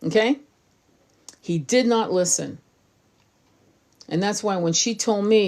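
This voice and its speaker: A woman's voice: medium pitch, slow, long pauses, darkish tone. A woman talking in a casual, blunt monologue, with plenty of swearing and emphatic asides. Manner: blunt, profane, emphatic storytelling. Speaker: tarot reader.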